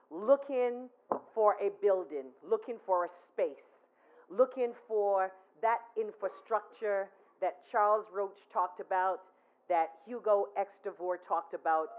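A woman giving a chatty, anecdotal tribute at a memorial, telling stories and checking in with her listeners. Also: mid-range voice. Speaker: eulogy speaker at a memorial. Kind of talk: storytelling tribute. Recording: tinny phone-like recording.

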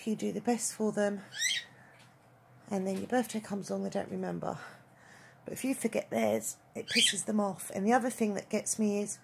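In a noisy home video shot in her bedroom, a middle-aged mother talks bluntly and swears freely, sounding tired and unwell. Her voice is mid-range with vocal fry.

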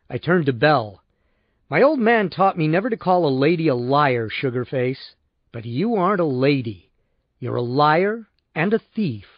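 A male audiobook narrator with a slightly high, very lively voice, telling the story in a wry, sardonic first person. The recording is dry and close, with a dull lo-fi sound. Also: breathy edge, no echo.

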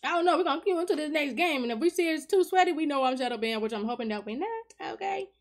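A woman narrating her gameplay in a quick stream of chatter. Her voice sits high, and she keeps talking to her viewers with excitable energy as she plays. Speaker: gaming channel host. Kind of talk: live gameplay commentary.

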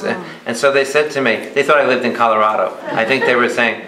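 A man who is a priest teaching a Bible study. He talks in a lively way and keeps asking his audience questions. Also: medium pitch, a little fast, hardly any pauses, a loud crowd. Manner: animated, asks the audience many questions. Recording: echoey hall with faint noise.

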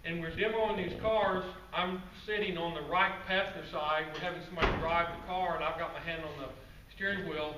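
A man giving a guest-speaker presentation to a club audience, telling stories in a relaxed, conversational way with asides to the crowd. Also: on the high side, fairly quick, few pauses. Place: meeting room with an audience. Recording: roomy, distant, faint background noise.

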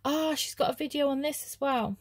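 A woman chatting casually as she opens craft mail, gushing with soft oohs and ums. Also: high voice, fairly quick, dry recording. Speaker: craft vlogger. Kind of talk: casual unboxing chat.

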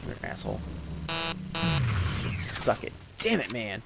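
A man's voice: on the low side, sing-song, measured pace, creaky, pauses often, very noisy. Swearing, yelping man playing a game. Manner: swears and yelps in frustration. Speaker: gameplay commentator. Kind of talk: let's play commentary.

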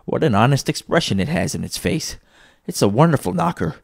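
A man's voice: mid-range voice, big pitch swings, a little fast, vocal fry, slightly rough, dry recording, clean studio sound, pitched above the performer's own voice, full character voice. A man voicing Scrooge, an elderly miser turned overjoyed, exclaiming with breathless delight in an audiobook. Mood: joyful.

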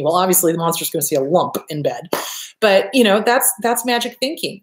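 A woman's voice: on the low side, expressive, a little fast. Woman host, blunt and emphatic, swears freely, casual advice talk in an echoey room. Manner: blunt, profane, emphatic, repeats points. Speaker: host, therapist giving advice.

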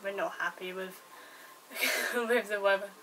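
A woman's voice: medium pitch, a little slow, bright, forceful tone. A young British woman with a British accent, chatting casually to camera at home, rambling and swearing freely. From Britain. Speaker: vlogger. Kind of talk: casual vlog chat. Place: home indoors. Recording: recorded from a distance, faint background noise. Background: dogs outside.

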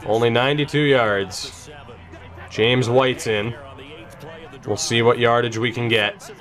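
A young man commentating his own football video game, emotional and swearing, going from tense muttering to high yelling. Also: fairly even intonation, takes it slowly. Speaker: gaming YouTuber. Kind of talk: gameplay commentary.

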